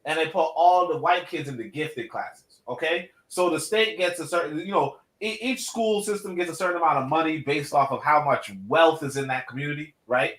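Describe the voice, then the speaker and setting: Animated high-voiced man in casual talk. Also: a little fast, few pauses, low-quality recording. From Caribbean family, Jamaican parents. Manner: animated, repeats words, frequent "right?" and "you know". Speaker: podcast co-host. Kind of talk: casual discussion.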